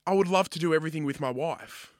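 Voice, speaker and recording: A man's voice: on the high side, fast talker, no room sound, studio quality. A young Australian man co-hosting a podcast, chatting casually and arguing his point with plenty of swearing. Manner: sweary, heated, emphatic. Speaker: podcast co-host. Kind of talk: casual chat.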